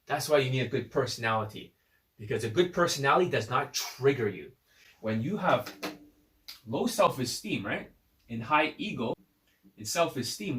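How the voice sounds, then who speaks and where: A man's voice: mid-range voice, fairly bright tone, reverberant, distant mic. A man giving a blunt, profane, combative unscripted rant to camera as a dating coach, recorded on his phone.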